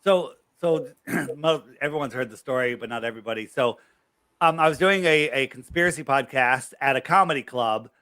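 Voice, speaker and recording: A man being interviewed as a guest, telling a story emphatically with quick asides and acting out what other people said. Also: medium pitch, pushed and bright. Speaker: guest researcher.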